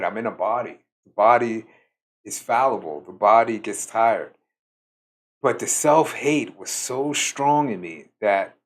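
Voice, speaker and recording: A tired man giving a slow, reflective solo talk as a spiritual teacher, pausing often with fillers. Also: mid-range voice. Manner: slow, musing, with many fillers.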